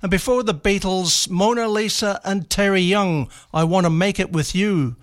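An Australian man hosts a lunchtime community radio show, talking in a relaxed, chatty way. His voice sits a little high, and he reads out notices with casual asides. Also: normal speed. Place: radio studio.

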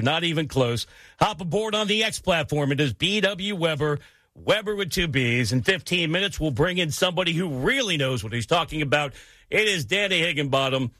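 American sports radio guy, bright slightly high voice, punchy opinionated takes, dry close mic. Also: dry recording. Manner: emphatic, opinionated, animated delivery. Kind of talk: sports talk commentary.

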